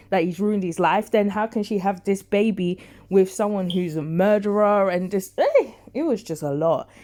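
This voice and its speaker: A woman chattily recaps and reviews a soap episode, animated as she acts out the characters' lines with big reactions. Her voice sits on the low side.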